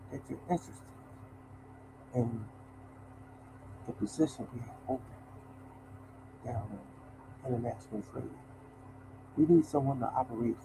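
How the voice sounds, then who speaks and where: A man voicing a smooth, hushed male executive who talks like Dracula, slow and near-whispered. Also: medium pitch, background noise, pitched below the performer's own voice, natural voice.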